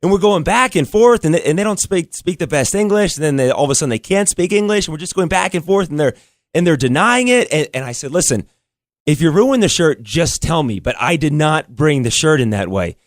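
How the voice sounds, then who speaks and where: Man, talk show co-host, rapid talker, slightly high voice, dry studio sound. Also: dry recording. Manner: animated storytelling, frustrated. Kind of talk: casual talk show chat.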